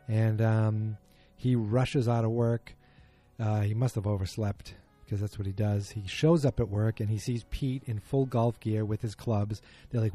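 A man walks through a TV episode in a rambling, opinionated way, with frequent fillers and personal asides. His voice sits low and sounds dark and somewhat husky. Faint music plays behind him. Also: steady tone, a little slow. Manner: chatty, opinionated, many fillers. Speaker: TV episode recapper. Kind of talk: casual episode recap.

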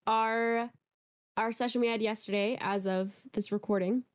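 A woman co-hosting a casual podcast, explaining in a relaxed, easygoing way. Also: fairly high pitch, normal speed, clean tone. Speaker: podcast co-host. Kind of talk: casual chat.

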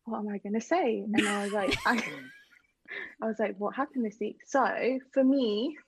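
A woman's voice: on the high side, normal speed, background noise. A woman chatting on a podcast among friends, giggly and playful, often breaking off mid-sentence. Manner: giggly, self-interrupting, playful. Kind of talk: casual chat among friends.

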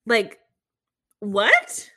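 Young female podcast host, bright tone, chatty incredulous solo commentary. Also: very slow. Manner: incredulous, rambling, many restarts and laughs.

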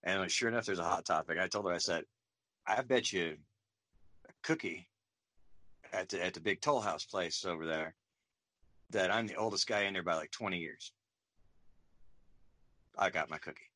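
Brief: deep-voiced male guest, forties, bright forceful tone, dry close sound, wry humor. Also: moderate pace, long pauses, no echo. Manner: chatty, wry, self-deprecating. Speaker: comedian guest. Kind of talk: casual interview chat.

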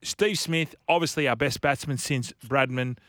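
A man's voice: medium pitch, normal speed, fairly bright tone, dry recording, clean studio sound. A man with an Australian accent hosting a casual sports chat, rambling and joking.

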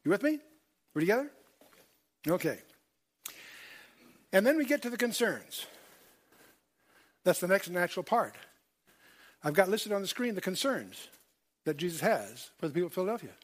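A man's voice: sits high, very animated, normal speed, long pauses. A man teaching a Bible study lecture, emphatic, repeating key points and checking in with his audience. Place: lecture hall with screen.

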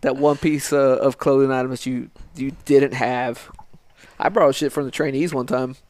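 A man's voice: medium pitch, fairly even intonation, normal speed, a little mellow, no echo. A man who is a former military training instructor, talking bluntly with plenty of swearing and laughter in casual podcast chat. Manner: blunt, profane, laughs often.

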